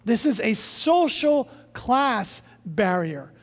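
A pastor preaching a sermon in an emphatic way, with pitch and loudness rising and dropping for stress. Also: big pitch swings, slow. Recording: long reverb of a large hall.

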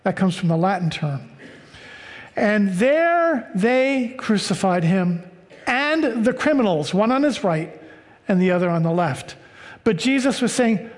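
An American man preaching a sermon, reading scripture and explaining it with slow, deliberate emphasis. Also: high-pitched, animated, in a large hall. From United States. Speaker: pastor.

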